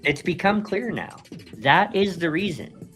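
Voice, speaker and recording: A man's voice: high-pitched, sing-song, a little slow, gravelly, a bit bright, soft background music. A man co-hosting a live stream in casual chat, rambling with many restarts and frequent laughs. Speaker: co-host.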